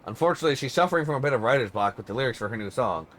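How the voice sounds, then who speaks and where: A man's voice: mid-range voice, lively intonation, a bit bright. A man reading as a formal male secretary. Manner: formal, measured, explanatory.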